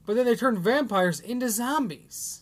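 A man with a fairly high voice co-hosts a podcast in loose, casual banter. He talks haltingly, with frequent fillers and restarts as he works out his point. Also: expressive. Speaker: podcast co-host. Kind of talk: casual chat.

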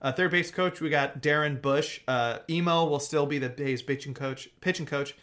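A man's voice: on the high side, moderate pace. Upbeat young man on a sports podcast. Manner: lively, joking, runs through news lists. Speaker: podcast co-host. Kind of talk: casual sports podcast chat.

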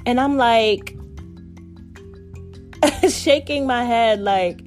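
A woman's voice: medium pitch, slow, a little mellow, faint music behind. A woman vlogger telling an earnest devotional story and calling her viewers family. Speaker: faith vlogger.

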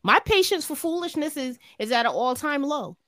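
A woman's voice: sits high, big pitch swings, moderate pace, a bit bright, no room sound, studio quality. A woman on a reaction chat panel, blunt and defiant in her opinions.

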